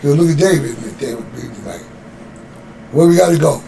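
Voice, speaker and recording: A man tells a rough story from his past in loose, profane street talk, jumping into the voices of the people in it. His voice sits a bit high and has a gravelly edge. A faint hum of room noise sits behind him. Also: fairly quick. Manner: profane, animated street storyteller acting out quotes. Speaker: guest telling a story. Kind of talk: casual storytelling.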